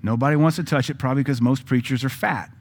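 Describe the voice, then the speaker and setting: A man's voice: medium pitch, fast. Joking conversational male pastor. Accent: Southern US. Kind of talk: sermon.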